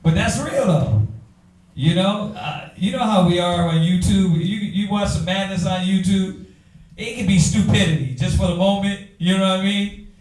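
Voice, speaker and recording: A man, teaching a Bible class in an animated preaching style, talking straight to the room. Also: high-pitched, normal speed, recorded from a distance. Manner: animated, talks to the room, acts out quoted voices. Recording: echoey room from afar.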